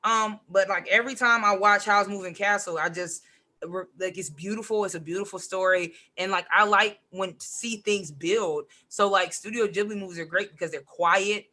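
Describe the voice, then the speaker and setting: A woman's voice: medium pitch, normal speed. A woman, a podcast guest chatting casually and acting out quotes, with lots of "like". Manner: animated, says "like" a lot, acts out quotes. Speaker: podcast guest, comic writer and poet. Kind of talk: casual chat.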